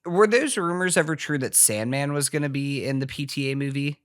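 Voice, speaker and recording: A man's voice: mid-range voice, a little fast, no echo, studio quality. A man co-hosting a casual podcast, bantering with exasperated, profane remarks. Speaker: podcast co-host. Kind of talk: casual chat.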